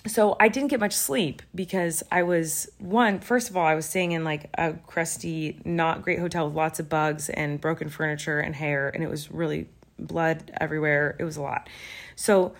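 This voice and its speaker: A woman in her thirties with a medium-pitched voice speaks briskly as a podcast co-host in casual chat. She rambles animatedly yet sounds sleepy, yawning as she talks.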